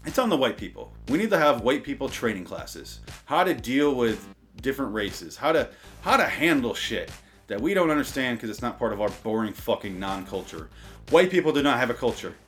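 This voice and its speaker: A comedy podcaster, a man with a medium-pitched, sing-song, somewhat bright voice, reads a sarcastic comic rant a little fast over faint background music. He then rambles off-script, swearing and mocking himself, stumbling and restarting often.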